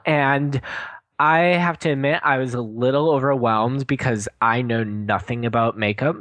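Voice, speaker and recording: A man with a Wisconsin accent runs through the week's news in a casual, easygoing way, laughing along with his co-hosts. His voice sits at an ordinary middle pitch. The sound is dry and close, with no room around it. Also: fairly bright tone, no room sound, poor audio. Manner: chatty, laughs easily. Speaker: podcast co-host. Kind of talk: casual chat, news roundup.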